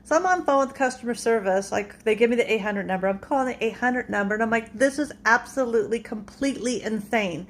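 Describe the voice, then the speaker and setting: A woman's voice: a little high, fast, hardly any pauses. Exasperated woman telling a store complaint. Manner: exasperated, retells the argument blow by blow. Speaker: vlogger. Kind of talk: casual complaint story.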